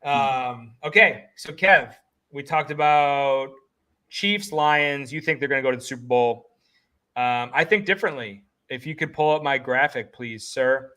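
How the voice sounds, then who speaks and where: A man co-hosting a casual sports betting chat, excitable and jokey, talking in rapid bursts of hype. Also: medium pitch. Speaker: podcast co-host.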